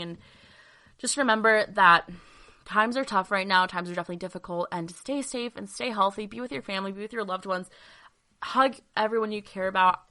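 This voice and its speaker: A woman's voice: mid-range voice, pushed and bright. A young woman hosting her own podcast, chatting casually and gushing, with lots of fillers. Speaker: podcast host. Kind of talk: casual solo podcast chat.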